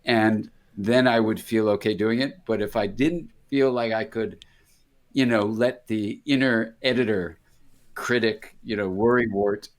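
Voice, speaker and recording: The fairly low, fairly even-toned voice of an older American psychiatrist comes across unhurried. Being interviewed, he drifts through casual anecdotes, cutting himself off to restart and mimicking voices.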